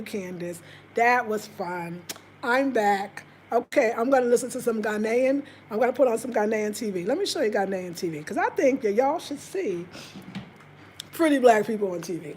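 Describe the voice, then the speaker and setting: A woman's voice: medium pitch, a little mellow, slight background noise. A woman chatting casually on a live stream, talking straight to her viewers and answering their comments. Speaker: vlogger reading live chat.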